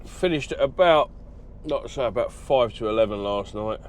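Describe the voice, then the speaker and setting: A man's voice: mid-range voice, lively intonation, moderate pace, a little hiss or hum. A middle-aged man, chatting casually in a trucker vlog, rambling with lots of ums and uhs. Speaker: truck driver vlogger.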